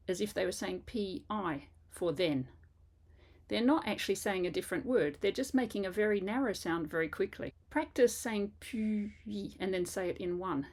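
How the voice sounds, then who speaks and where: A woman's voice: mid-range voice, a little mellow. Patient older woman teaching French sounds. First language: English. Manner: patient, explanatory, spells words out letter by letter. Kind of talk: pronunciation lesson video.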